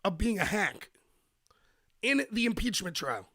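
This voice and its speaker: Animated, high-pitched male political streamer. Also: dry recording. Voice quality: slightly rough voice. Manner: animated and emphatic, bursts of rapid speech. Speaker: political commentary host. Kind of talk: live-streamed political commentary.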